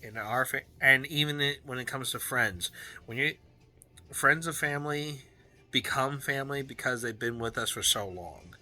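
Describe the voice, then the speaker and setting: A man recording a personal video journal, talking in an earnest, heartfelt way with halting restarts and fillers. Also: medium pitch, bright, forceful tone. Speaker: vlogger.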